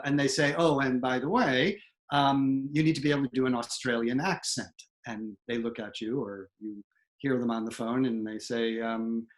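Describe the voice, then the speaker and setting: A man who is a theatre professor and dialect coach, giving an online lecture on a video call with animated, emphatic delivery. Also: mid-range voice.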